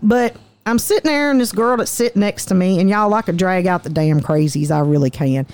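A woman, telling stories in a lively, profane, folksy way as a guest. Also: mid-range voice, fairly quick, clear, resonant tone. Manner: animated, profane, folksy storyteller. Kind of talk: casual storytelling.

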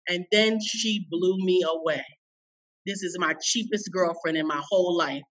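A woman coach, a guest in an interview, telling a personal story in an emphatic, expressive way. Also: on the low side, a little slow, recorded from a distance, highs cut off.

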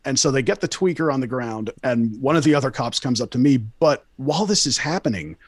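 A man's voice: mid-range voice, lively intonation, fairly quick, husky, dry recording. Young male host, casual story, swears a lot, very dry close sound. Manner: rambling, profane, lots of fillers and restarts.

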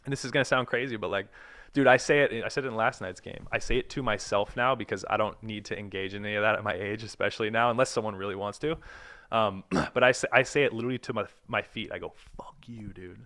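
A man's voice: fairly low pitch, steady tone, fast talker, fairly bright tone. A man in his thirties, a professional volleyball player, talking casually and energetically on a podcast, full of slang and swearing.

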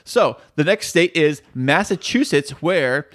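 A man's voice: a little high, expressive, measured pace, a bit bright. A man co-hosting a casual comedy podcast, reading out odd facts and riffing on them in a jokey, rambling way. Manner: jokey, rambling, reads items aloud. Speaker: podcast co-host. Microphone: studio mic.

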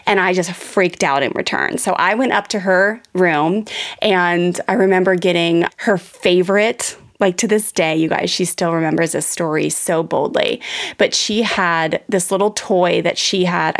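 A woman's voice: lowish voice, gravelly. A woman in her thirties, a parenting podcast host, candidly telling a personal story to her listeners, full of casual fillers. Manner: candid, confessional, frequent "like" fillers.

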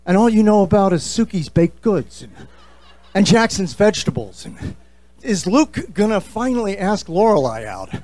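A middle-aged man with a New Jersey accent, hosting a podcast in an animated, jokey, opinionated way on stage. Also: high-pitched, normal speed. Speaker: podcast host. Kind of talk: live stage address to fans.

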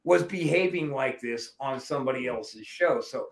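A man hosting a podcast, telling stories in a profane, animated, casual way. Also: mid-range voice, normal speed, gravelly, echoey room. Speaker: podcast host.

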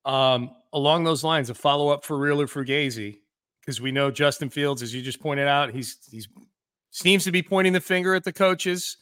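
A man hosting a casual sports podcast, talking quickly with jokes and many restarts. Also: on the high side, fairly bright tone, clear, resonant tone, no room sound, studio quality. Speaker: sports radio host.

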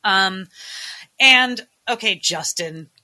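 A woman co-hosting a podcast in casual chat, enthusiastic and quick to laugh. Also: medium pitch, sharp tone. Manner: chatty, enthusiastic, laughs often. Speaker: podcast co-host.

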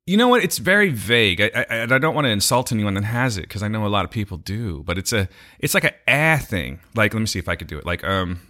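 A man's voice: on the low side, big pitch swings, quick pace, few pauses, pushed and bright. A man co-hosting a podcast in casual banter, rambling and joking, often laughing, reading out show plugs. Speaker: podcast co-host.

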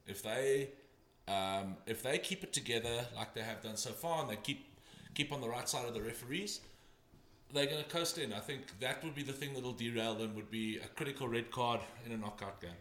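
A man's voice: mid-range voice, brisk, a bit bright. Rambling man with a roomy echo. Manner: rambling, stops and restarts, emphatic. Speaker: rugby pundit. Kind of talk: casual panel chat.

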